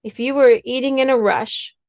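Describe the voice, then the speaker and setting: A woman's voice: sits high, moderate pace, creaky, darkish tone, dry recording. A middle-aged woman speaking as a guest, teaching earnestly through a personal story and often repeating her words.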